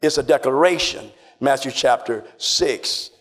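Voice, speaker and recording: A man preaching a sermon, emphatic and repetitive, often shouting and calling on the congregation to respond. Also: mid-range voice, measured pace.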